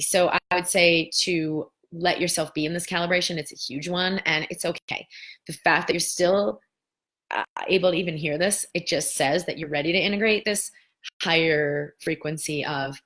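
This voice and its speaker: In a laid-back spiritual coaching talk, a thirtysomething woman with a low voice takes viewer questions. She speaks with energy and mimics the people who doubt.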